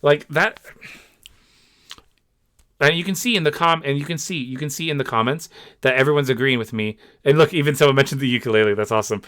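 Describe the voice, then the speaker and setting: A man's voice: fairly high pitch, lively intonation, fast talker, fairly bright tone, no echo, studio quality. A young man hosting his own channel, giving a frustrated commentary rant with lots of fillers and repeated words. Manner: exasperated, repeats himself, many fillers.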